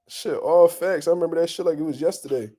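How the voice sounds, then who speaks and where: Young man, boxing talk host, fairly high voice, warm dark tone, blunt cursing rants. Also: normal speed. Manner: profane, blunt, animated, laughing trash talk. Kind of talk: casual opinion talk.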